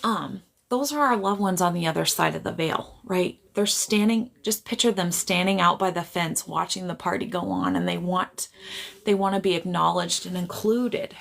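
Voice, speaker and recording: A woman's voice: lowish voice, normal speed, creaky, fairly bright tone. A woman psychic medium chatting casually on a livestream. She laughs often, keeps apologizing and gets easily sidetracked, speaking to a camera on a tripod.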